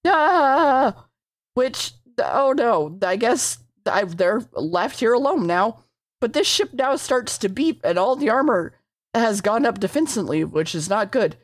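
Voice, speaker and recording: A woman's voice: mid-range voice, animated, moderate pace, no echo. Woman rambling through an episode recap, swears a bunch, fixes her words as she goes, dry close sound. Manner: rambling, swearing, self-correcting.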